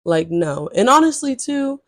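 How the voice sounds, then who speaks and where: A woman vlogger telling a story straight to her viewers, chatty and blunt, swearing freely and jumping into high exasperated outbursts. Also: big pitch swings, measured pace, fairly bright tone, dry recording, clean studio sound. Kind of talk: casual storytelling to camera.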